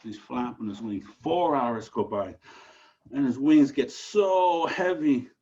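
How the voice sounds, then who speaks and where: A man from Alaska telling a traditional story aloud, animated, with dramatic rises and drops. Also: medium pitch, slow pace, highs cut off, slight background noise.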